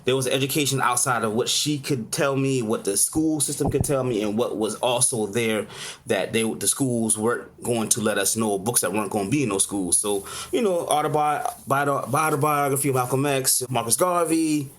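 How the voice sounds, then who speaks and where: A man, talking at a middling pitch. He tells his story in a loose, rambling way, scattering "you know" everywhere. It sounds like a relaxed interview chat. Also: moderate pace, a little hiss or hum. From Charleston, South Carolina. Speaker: chef, interview guest.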